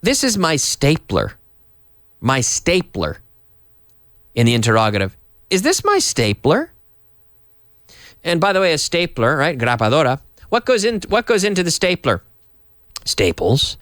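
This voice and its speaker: Middle-aged male English teacher from Canada, slightly high voice, very animated delivery, dry booth sound. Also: measured pace, pauses often, dry recording. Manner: animated, acts out example sentences with big question intonation. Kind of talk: English lesson for Spanish speakers.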